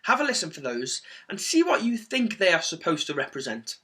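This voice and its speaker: A man teaching a singing lesson for children, his voice pitched a little high with a bright, forceful edge. He talks clearly and encouragingly, keeping the energy up as he coaches. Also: wildly swooping pitch, fairly quick. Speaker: music teacher.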